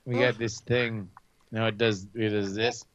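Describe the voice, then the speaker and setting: Slow, laid-back man on a dull mic. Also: fairly low pitch, level tone. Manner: hesitant, dry, laid-back. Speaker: podcast co-host. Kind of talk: casual comedy podcast chat.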